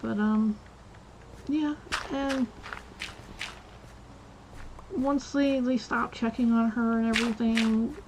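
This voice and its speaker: A woman's voice: fairly high pitch, little pitch movement, unhurried, noisy background. A woman streamer telling a casual, rambling story while she plays, with lots of restarts and fillers.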